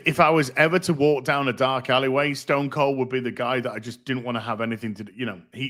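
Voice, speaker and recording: A man's voice: mid-range voice, a bit bright. A middle-aged man hosting a casual livestream, rambling, reading out donations and swearing freely. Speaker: livestream host.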